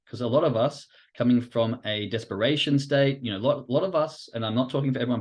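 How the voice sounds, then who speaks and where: A man's voice: medium pitch, darkish tone. A man hosting a live stream on trading psychology. He talks casually and animatedly, swears now and then, and acts out inner voices. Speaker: host.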